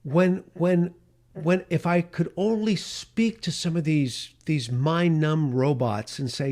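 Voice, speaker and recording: A man's voice: on the high side, slow, darkish tone. A middle-aged man, a radio talk host, giving an impassioned, emphatic podcast monologue.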